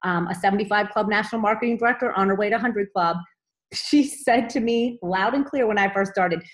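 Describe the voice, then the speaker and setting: Upbeat woman coaching her team, direct, keeps asking okay?, mid-pitch voice. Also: fairly quick. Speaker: team trainer. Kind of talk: motivational training talk.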